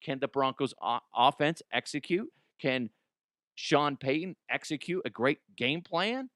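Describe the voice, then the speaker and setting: A man's voice: a little high, expressive, a little slow, fairly bright tone, dry recording, studio quality. A man in his forties hosting a comedy podcast, rambling in a casual, profane monologue. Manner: profane, rambling, laughs at own jokes.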